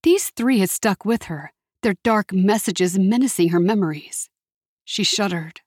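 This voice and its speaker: A woman reading a story aloud in a steady, measured narration. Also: medium pitch, husky, no echo, studio quality.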